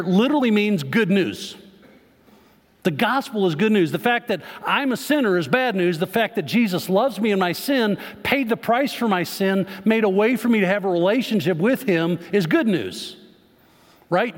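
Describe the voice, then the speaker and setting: A man preaching a sermon to his congregation, speaking conversationally and tossing questions to the crowd. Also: high voice. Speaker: pastor. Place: church sanctuary. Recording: long church reverb.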